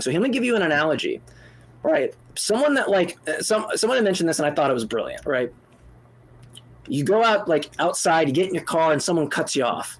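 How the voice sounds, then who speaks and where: A man co-hosting a call-in debate show, animated and exasperated, speaking in fast bursts with restarts and swearing freely. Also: a little high. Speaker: co-host answering a caller.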